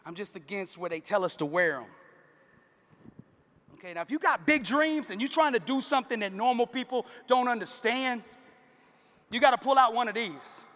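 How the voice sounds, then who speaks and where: Male motivational speaker, very high and bright, preacher-style crowd call-outs, big-hall reverb. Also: expressive, moderate pace, long pauses. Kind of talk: live motivational speech. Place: large event hall. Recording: long reverb of a large hall.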